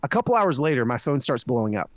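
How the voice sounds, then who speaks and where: A man as an interview guest, talking in a casual, earnest and animated way with frequent restarts. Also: medium pitch, fast, no echo. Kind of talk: casual conversational storytelling. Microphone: studio mic.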